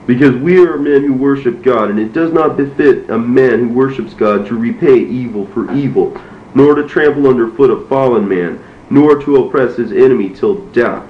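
A man voicing a calm, righteous elder brother who restrains others, reading a storybook in a steady, restraining way. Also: mid-range voice, far from the mic, lightly acted. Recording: roomy, dull, faintly noisy.

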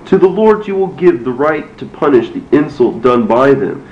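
A man's voice: medium pitch, animated, normal speed, darkish tone, natural voice. Asenath, a merciful noblewoman voiced by a man. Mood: pleading. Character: pleading noblewoman, gentle and merciful. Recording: roomy, dull, faintly noisy.

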